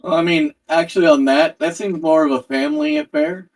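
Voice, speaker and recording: Man, tabletop player, measured, formal, distant from the mic. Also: a little high, steady tone. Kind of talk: playing a tabletop game.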